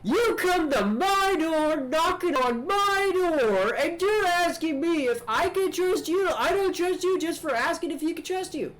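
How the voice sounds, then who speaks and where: A shrill, paranoid conspiracy nut. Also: male voice, expressive, a bit bright, a little hiss or hum, exaggerated voice, poor audio. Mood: suspicious. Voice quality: high, slow and drawn-out.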